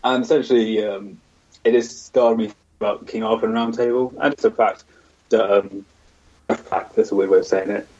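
A man's voice: on the low side, steady tone, normal speed, a little mellow, slightly rough, dull audio. A man co-hosting a casual podcast, talking in a laid-back, meandering way and unsure of his facts. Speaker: podcast co-host.

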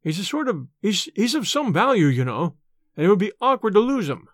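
A jittery young student, as a male storyteller puts him on, pitched up and stammering through hurried excuses. The reading is close and dry. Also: big pitch swings, no room sound. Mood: nervous, evasive.

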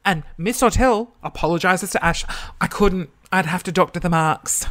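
A young Australian man telling a school story in a casual, animated way, swearing freely and gasping as he sorts through old school papers. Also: sits high, moderate pace. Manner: animated, gossipy, swears freely, breaks into gasps. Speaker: vlogger.

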